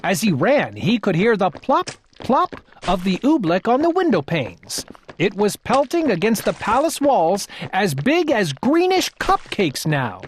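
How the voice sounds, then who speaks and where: A woman reading a children's storybook aloud with expressive narration. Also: medium pitch, measured pace, a little hiss or hum.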